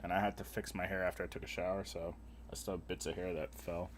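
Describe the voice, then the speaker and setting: A young male streamer talks to his viewers while he plays. His voice sits a little low, and he rambles in a crude, joking way. A light noise runs under the recording. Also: little pitch movement, fast talker. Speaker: live streamer. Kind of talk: casual gaming stream chat.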